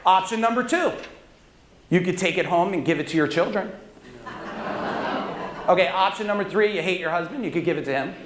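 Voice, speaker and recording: An intense, commanding man speaks from a stage, his voice sitting unusually high. He drives the crowd through questions and shouted replies. The sound rings with the echo of a big hall. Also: fairly quick, long pauses, noisy background. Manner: intense, commanding, leads audience call-and-response. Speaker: motivational speaker. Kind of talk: live motivational stage talk. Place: large conference hall with audience. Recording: echoey hall.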